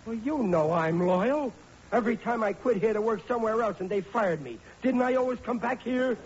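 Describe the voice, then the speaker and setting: A man's voice: high-pitched, animated, normal speed, darkish tone. An actor playing a bumbling, blustering working-class father with a Brooklyn accent, in 1940s radio sitcom style. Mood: pleading. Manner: blustering, whiny, ungrammatical. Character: bumbling middle-aged working-class father, aircraft riveter. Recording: lo-fi old radio broadcast with faint hiss.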